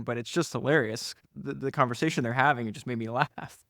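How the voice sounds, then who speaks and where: A man hosts a podcast, retelling a biography in casual talk with eager enthusiasm, frequent restarts and lots of "you know." His mid-range voice races along with hardly any pauses, and the sound is dry and close with no echo or room around it.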